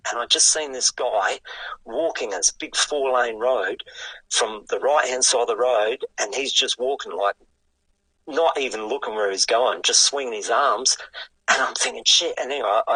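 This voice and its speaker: An older man with an Australian accent, a guest telling a story in a lively, casual way and swearing freely. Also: mid-range voice, slightly rough, no room sound, low-quality recording. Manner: animated yarn-spinning with casual swearing. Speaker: guest, retired sidecarcross racer.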